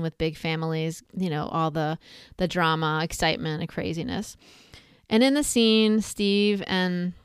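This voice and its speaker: A woman's voice: lowish voice, clear, resonant tone, no echo, studio quality. A woman talking casually, retelling a film scene with asides and comparisons. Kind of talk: casual spoken reflection.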